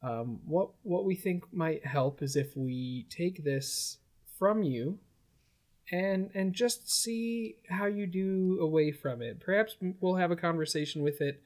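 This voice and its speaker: A calm male doctor speaks softly and carefully, as a man acts him out. He hesitates and soothes. His voice is quiet and unhurried. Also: sits high, voice pushed up. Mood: soothing.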